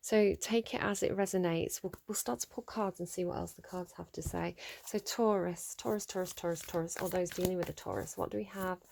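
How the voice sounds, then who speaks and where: A woman's voice: lowish voice, gravelly, darkish tone, slight background noise. A woman giving a casual tarot reading at home, rambling, laughing often and tripping over her words. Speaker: tarot reader.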